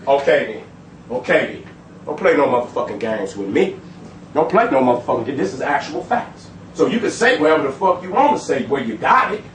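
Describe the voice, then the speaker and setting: A man lecturing an audience in a profane, emphatic street style, swinging between loud and low. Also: echoey room, far from the mic, slight background noise, poor audio. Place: room with a live audience.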